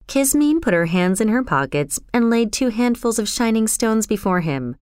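Smooth measured woman narrator. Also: a little high, dry recording, clean studio sound. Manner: measured, even storytelling. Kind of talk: scripted audiobook narration.

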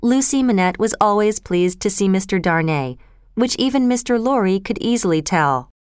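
A woman narrating a classic storybook tale in a measured, clear way. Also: mid-range voice, expressive, darkish tone, dry recording, studio quality. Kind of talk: storybook reading of a classic novel.

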